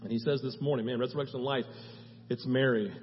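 A man's voice: mid-range voice, fairly even intonation, quick pace, a little hiss or hum. A male pastor preaching a sermon in a passionate, conversational way, asking his listeners question after question. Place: church sanctuary. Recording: reverberant hall, slightly dull sound.

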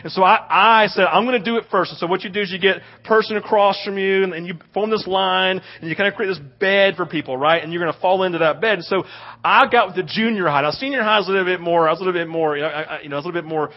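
Guy preaching, animated storyteller, kinda high voice, dull lo-fi sound. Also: fast talker. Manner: animated storytelling with frequent "right?". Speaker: pastor. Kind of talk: sermon.

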